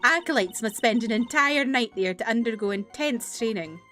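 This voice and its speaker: Woman voicing a chatty old nun, high bubbly sing-song, bit of music behind. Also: lively intonation, normal speed, pushed and bright. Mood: explaining. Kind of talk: video game dialogue read aloud.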